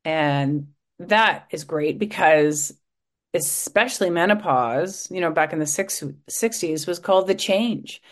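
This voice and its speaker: A woman's voice: lowish voice, unhurried. A middle-aged woman, a podcast host being interviewed, chatting casually and acting out quotes as she tells stories. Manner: animated storytelling, acts out quotes.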